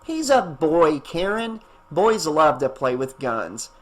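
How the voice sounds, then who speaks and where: A man's voice: on the high side, very animated, slow pace, heavily acted. A man voicing a brash, joking woman in her thirties, with a breezy, teasing delivery.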